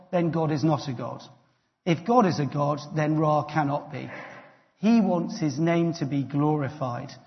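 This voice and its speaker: Man preaching in an echoing hall. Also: a little high. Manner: conversational, lightly humorous. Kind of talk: sermon. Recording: dull sound with long hall reverb.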